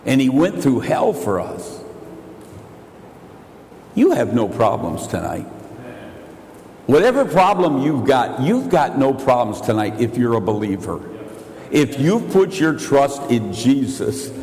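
An older male pastor preaching a sermon, swinging between shouted declarations and quiet, confiding asides. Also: medium pitch, sing-song, slow, pauses often. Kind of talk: evangelical sermon. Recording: echoey church hall.

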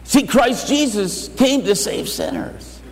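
An older man preaching an anniversary sermon, emphatic, slowing and rising for key lines. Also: high voice, huge pitch swings, long reverb tail, low-quality recording. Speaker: pastor.

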